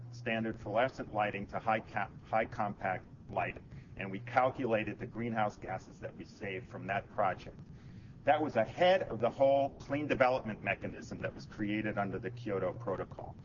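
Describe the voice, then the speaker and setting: Low-voiced man presenting on a panel. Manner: measured, policy-minded, frequent fillers and restarts. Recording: dull lo-fi conference recording, faint noise.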